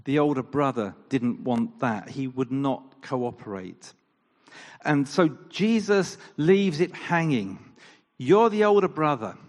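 Animated preacher in a reverberant hall. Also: male voice, mid-range voice, slow. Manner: animated, rhetorical questions, acts out quotes. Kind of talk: sermon. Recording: long reverb of a large hall.

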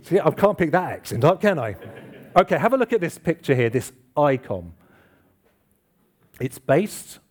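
The preacher is a man with a mid-range, slightly mellow voice, addressing a congregation in a church hall. His informal sermon is conversational, full of questions to the crowd and self-mocking humor.

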